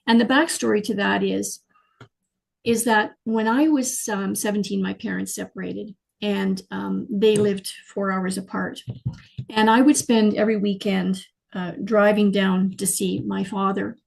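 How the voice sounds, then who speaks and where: Gravelly, husky woman. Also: mid-range voice, a little slow, low-quality recording. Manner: animated, emotional, frequent fillers and restarts. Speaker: guest, clairvoyant healer. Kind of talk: personal storytelling in an interview.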